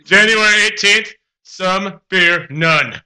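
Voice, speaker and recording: A man's voice: high voice, slow pace, sharp tone, low-quality recording. A man in a band reading out concert listings on a radio show, laughing often and tripping over names. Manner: giggly, stumbles over names.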